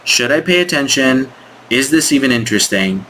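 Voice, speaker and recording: Bright-voiced man thinking aloud. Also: mid-range voice, expressive, moderate pace, slight background noise. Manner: thinks aloud with many restarts; frank, critiques scripts directly. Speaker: sales coach. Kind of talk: casual screen-share walkthrough.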